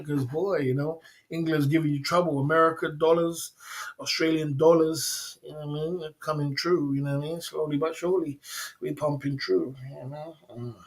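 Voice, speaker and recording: Man, livestream host, casual chat, slangy, repetitive, laughs a lot, slightly high voice. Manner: repeats phrases, slangy, laughs often.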